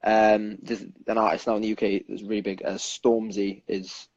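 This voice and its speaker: A man's voice: on the low side, little pitch movement, moderate pace, a little mellow, no room sound, dull audio. A young British man, a singer, chatting earnestly in an interview and rambling with frequent restarts. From United Kingdom. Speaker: singer guest. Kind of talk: casual interview chat.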